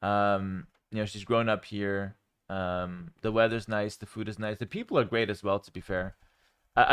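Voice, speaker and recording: Streaming casually from home, a young man from Canada reads out questions from chat and responds. He speaks in a lowish voice, loose and meandering, often saying "um" and repeating himself.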